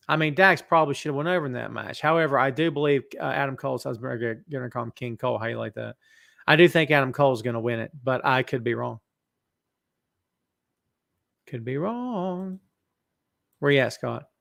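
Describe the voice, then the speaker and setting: A man's voice: medium pitch, fairly even intonation, quick pace, creaky, a bit bright. A man hosting a live wrestling talk show from his office on a podcast mic, joking around and reading viewer comments aloud. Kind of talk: live-stream chat with viewers. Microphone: podcast microphone setup.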